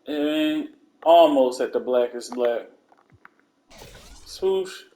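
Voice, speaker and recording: A man giving a casual, slangy voice-over, calmly walking through steps one by one. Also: medium pitch, slow pace. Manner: relaxed, laid-back step-by-step instructions; slangy, conversational asides. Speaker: video game content creator.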